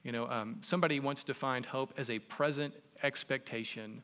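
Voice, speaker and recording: A man preaching a sermon, retelling a story in an animated, conversational way. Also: medium pitch, moderate pace, few pauses. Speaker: pastor. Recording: long reverb in a large hall.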